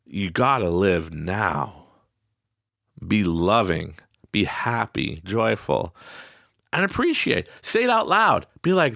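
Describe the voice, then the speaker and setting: A man's voice: on the low side, very animated, slow, gravelly, sharp tone, dry recording. A man hosting a motivational podcast in a studio, talking casually, laughing often and acting out the voices he quotes. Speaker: podcast host.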